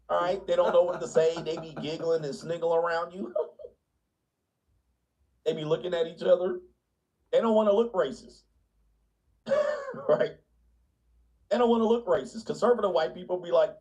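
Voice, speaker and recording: Blunt, mocking man with a fairly high voice. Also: normal speed, long pauses, a little mellow, poor audio. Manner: blunt, mocking, laughs often, slips into put-on voices. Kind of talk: casual comedic rant. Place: small town, gated suburban home.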